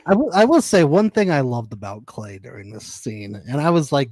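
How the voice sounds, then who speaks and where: Young male co-host, playful dry teasing, mid pitch, dead-dry close recording. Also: sing-song, unhurried, hardly any pauses, darkish tone, no room sound. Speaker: podcast co-host. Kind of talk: casual recap chat.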